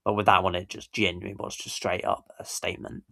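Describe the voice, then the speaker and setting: A man's voice: sits low, level tone, fast, creaky, sharp tone, no room sound, clean studio sound. A man hosting a casual reaction video, rambling and correcting himself with little chuckles. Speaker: YouTube reaction host.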